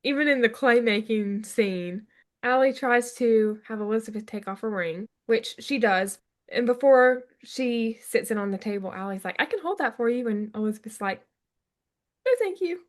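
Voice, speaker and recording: Woman co-host with a fairly high voice, retells scenes from the episode and quotes the characters, laughs along. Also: normal speed. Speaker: podcast co-host. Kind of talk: casual chat recapping a TV episode.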